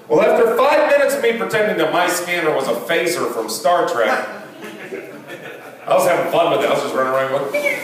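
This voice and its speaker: A young man doing a stand-up comedy set, telling stories and acting out the people in them. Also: medium pitch. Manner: animated storytelling, acting out quoted people. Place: comedy venue. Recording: roomy echo from a distance.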